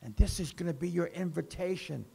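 A man preaching a sermon as pastor, with slow emphasis that rises and falls. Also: on the high side, creaky, warm tone, breathy edge.

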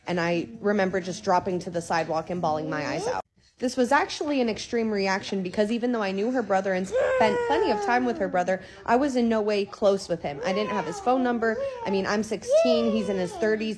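Woman around 30, casual storytime teller, earnest, emphatic repeats, mid pitch. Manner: emphatic, repeats words for stress; earnest and candid, occasional swearing.

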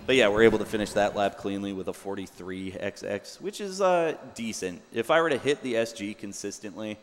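A young man casually explaining his own speedrun as he plays, relaxed and full of fillers. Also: fairly low pitch, a little fast, soft background music. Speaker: speedrunner commentating his run. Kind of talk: casual live commentary. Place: event venue. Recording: long hall reverb, faint background noise.

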